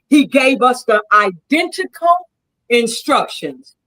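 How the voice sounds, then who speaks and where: A woman's voice: on the high side, expressive, normal speed, a bit bright, poor audio. A woman in a heated debate, arguing in a combative, preachy way and leaning on scripture. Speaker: debate guest.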